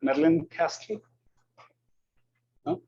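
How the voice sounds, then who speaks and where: This man speaks slowly in a fairly high, gravelly, warm voice with big swings in pitch, and a little hiss or hum sits under it. He's a university lecturer with an Austrian German accent, hesitantly and apologetically taking questions and calling the roll, often repeating himself. The classroom recording is dull and lo-fi.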